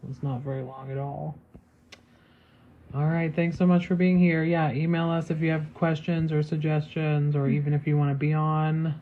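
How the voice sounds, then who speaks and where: A woman hosting a casual podcast, chatty and quick to laugh. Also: sits low, little pitch movement. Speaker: podcast host. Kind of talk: casual chat. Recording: tinny phone-like sound with faint noise.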